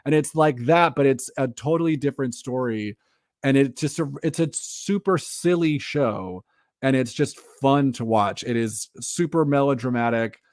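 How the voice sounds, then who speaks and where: A man co-hosting a casual podcast chat, animated and full of fillers, laughing often. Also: mid-range voice, normal speed, no echo, studio quality. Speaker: podcast co-host.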